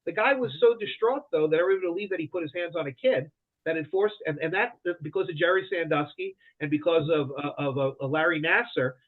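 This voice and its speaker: A man being interviewed as a guest, talking in heated, rushed answers full of restarts, heard over a tinny phone-like line. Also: on the high side. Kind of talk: rapid talk-show interview answers.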